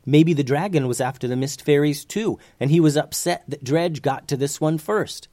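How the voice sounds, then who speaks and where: A man reading a children's fantasy story aloud as narrator, in an expressive, animated way. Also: fairly high pitch, normal speed, dry recording, studio quality.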